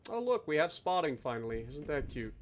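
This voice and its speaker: A man streaming live gameplay, ranting loudly and sarcastically at his teammates between calm play-by-play commentary. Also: fairly high pitch, a little fast. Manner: loud, exasperated ranting with sarcastic asides.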